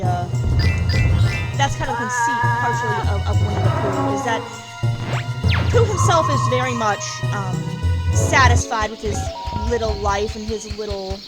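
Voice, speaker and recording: A woman hosting a let's play, giving casual, rambling commentary and playfully trash-talking the game's enemies. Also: medium pitch. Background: loud game music.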